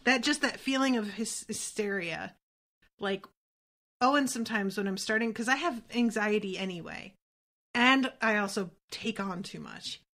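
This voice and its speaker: A woman co-hosting a podcast, alternating between reading a book aloud and casual, animated, rambling chat with casual swearing. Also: mid-range voice, normal speed. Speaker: podcast co-host.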